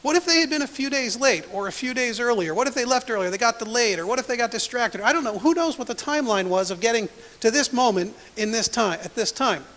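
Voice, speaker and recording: High, bright-voiced pastor preaching in a hall. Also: male voice, expressive, fast talker, hardly any pauses. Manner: storytelling with acted-out quotes. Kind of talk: sermon. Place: church sanctuary. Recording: long church hall reverb.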